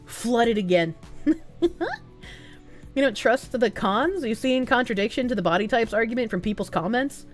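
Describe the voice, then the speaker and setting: A young woman livestreaming, reading chat messages aloud, thanking donors and laughing often in a loose, animated way. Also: fairly high pitch, normal speed, long pauses, soft background music. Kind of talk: live stream chat reading.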